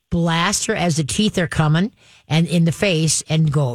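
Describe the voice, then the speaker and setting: A woman's voice: deep voice, measured pace, no room sound, studio quality. A woman hosting a call-in radio show as a dog trainer, giving practical step-by-step advice in an upbeat way, often checking in with "okay". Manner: upbeat, practical, talks through steps with "okay".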